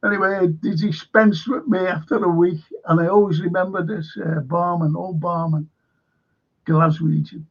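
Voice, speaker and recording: A man's voice: high-pitched, steady tone, moderate pace, breathy edge, lo-fi sound. An older man with a Liverpool accent hosting a livestream, chatting casually and rambling through anecdotes while reading out viewer comments. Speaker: livestream host.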